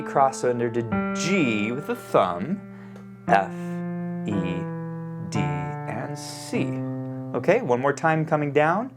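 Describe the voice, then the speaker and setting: A man giving a piano lesson, calling out note names and fingerings as he plays, checking in with the student. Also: mid-range voice. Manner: calls out note names while playing, frequent "okay?" check-ins. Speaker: piano teacher. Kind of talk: piano lesson, demonstrating at the keyboard. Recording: loud piano playing under the voice.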